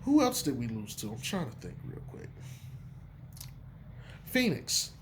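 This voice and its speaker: A man giving casual basketball opinions in an emphatic, profane, animated way. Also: mid-range voice, a little slow, slight background noise. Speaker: sports commentator. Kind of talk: casual sports opinion talk.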